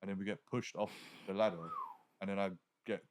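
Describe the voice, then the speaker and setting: A man with a low voice talks quickly as a guest in a casual podcast chat. He rambles and fills his sentences with "like". His thoughts come out in loose, restarting runs. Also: level tone, darkish tone. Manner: rambling, packed with "like" fillers and restarts.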